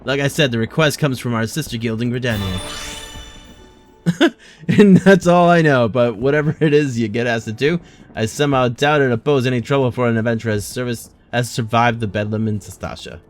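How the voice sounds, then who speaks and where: Man putting on a hearty gruff guild boss voice for a game, rough slang, mid pitch. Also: a little fast, soft background music, close to an everyday voice. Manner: rough colloquial speech, reading aloud with hesitations. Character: gruff older male guild master, blunt and hearty.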